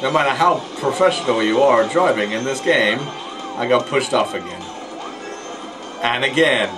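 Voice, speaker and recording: A man gives casual let's play commentary in a plain mid-pitched voice, poking fun at his own driving. He trips over his words and repeats himself, with bright game music clearly audible behind him. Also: expressive, normal speed, low-quality recording. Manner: jokey, self-mocking, stumbling over words. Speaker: gameplay commentator.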